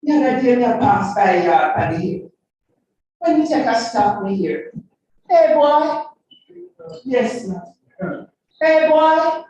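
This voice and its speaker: Jamaican woman reciting and moderating, slow chant, voice far off in a big echoey hall. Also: on the high side, sing-song, darkish tone, lo-fi sound, slight background noise. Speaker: session moderator. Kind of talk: rhythmic dub poetry recitation, then moderating.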